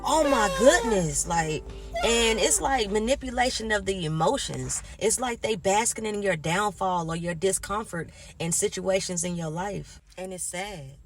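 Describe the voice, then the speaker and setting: A woman's voice: mid-range voice, normal speed, faint music behind. A woman vlogger in a casual motivational monologue, speaking emphatically and acting out what other people say. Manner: emphatic, acts out quoted people in animated asides.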